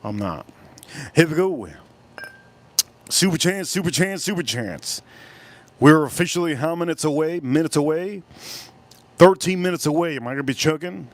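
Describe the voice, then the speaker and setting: A man's voice: on the high side, animated, no room sound. Rambling Miami-accented man. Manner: rambling, drawn-out words. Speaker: live-stream host. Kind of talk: casual live-stream chat. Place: cold room at home.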